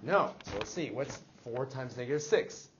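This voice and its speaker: A man's voice: mid-range voice, animated, moderate pace, dull audio, noisy background. A man teaching a math class, leading with questions and checking in with his students. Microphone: classroom recording device.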